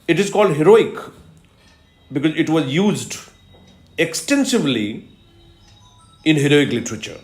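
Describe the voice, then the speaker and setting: Slow, emphatic lecturer. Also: male voice, on the high side, sing-song, soft background music. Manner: slow, emphatic teaching with repetitions and fillers. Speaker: English literature lecturer. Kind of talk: recorded video lecture. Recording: echoey room.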